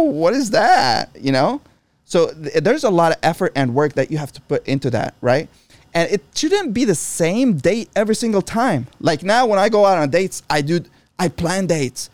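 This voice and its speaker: A man's voice: medium pitch, a little mellow, no room sound. A middle-aged man in casual chat, talking bluntly with lots of swearing and restarts. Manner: blunt and profane, frequent restarts.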